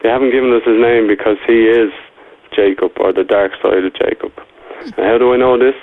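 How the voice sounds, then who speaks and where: A man from Ireland with an Irish accent, calling in to a podcast with a measured, halting delivery. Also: mid-range voice, steady tone, no echo. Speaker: caller. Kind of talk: recorded voicemail feedback. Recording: tinny phone line.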